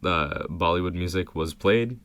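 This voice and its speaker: A young man co-hosting a podcast, relaxed and agreeable in casual chat. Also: low-pitched, normal speed, smooth. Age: young adult. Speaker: podcast co-host.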